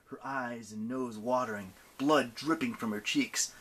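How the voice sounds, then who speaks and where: A man reading a novel aloud as an audiobook narrator, with animated, expressive delivery. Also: medium pitch, measured pace, crowd noise.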